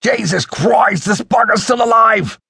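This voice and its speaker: A man's voice: deep voice, very animated, moderate pace, creaky, a bit bright, slightly rough, no echo, clean studio sound, heavily acted. A male narrator voicing a blunt, grumbling thirty-year-old man. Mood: alarmed.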